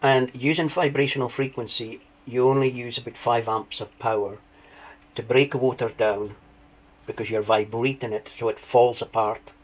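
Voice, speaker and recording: A man of average pitch talks as an interview guest, telling long winding stories. He restarts his sentences and grows animated as he recounts events. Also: normal speed, poor audio. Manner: rambling, with restarts and animated retelling. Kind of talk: conversational storytelling.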